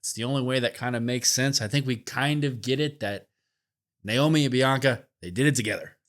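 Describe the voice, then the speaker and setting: A man in casual podcast conversation, with a middling pitch and an easy, rambling way of talking. He gives his take on a wrestling show with plenty of fillers. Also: a little fast. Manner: relaxed, thinking aloud with fillers. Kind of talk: casual recap chat.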